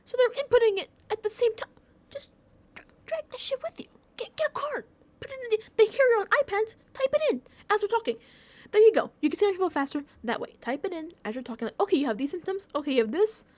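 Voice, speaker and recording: A woman's voice: very high-pitched, lively intonation, fast talker, a little mellow, no echo. A young woman hosting a casual review show, ranting animatedly with frequent laughs and swearing. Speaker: podcast host reviewing a TV episode. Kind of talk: casual rant.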